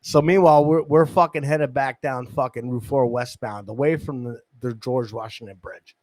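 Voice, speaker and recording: A man's voice: medium pitch, normal speed, darkish tone, no room sound. A man, hosting a podcast and telling a rambling, profane street-hustler story into a studio mic. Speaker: podcast host. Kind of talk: casual storytelling. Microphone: studio microphone.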